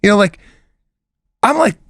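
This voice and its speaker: Middle-aged guy on a podcast, slightly higher voice, dry close mic, acts out what people said. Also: lively intonation, measured pace, creaky, a bit bright, no echo. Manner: storytelling, acting out both sides of conversations. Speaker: podcast co-host. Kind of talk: casual chat.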